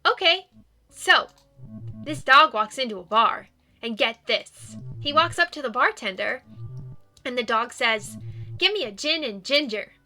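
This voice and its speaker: A sweet, excitable ghost dog with a high, loud, beaming voice, as a woman puts him on. He speaks earnestly and at an unhurried pace while she reads a game's dialogue, with faint music playing underneath. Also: full character voice. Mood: chirpy. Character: cheerful male ghost dog, eager and sweet. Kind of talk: reading game dialogue aloud.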